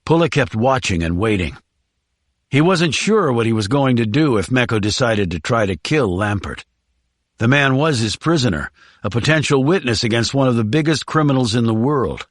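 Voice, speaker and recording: An audiobook narrator, male, reads scripted narration in a measured, even storytelling style. His voice is medium-pitched, and the recording is dry and studio-clean.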